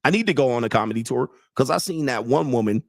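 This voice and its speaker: A man's voice: medium pitch, expressive, quick pace, gravelly, dry recording. A man in his late forties hosts a livestream, talking crude and blunt, mocking and laughing at his own jokes while reading chat. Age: 40s. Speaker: host and dating coach.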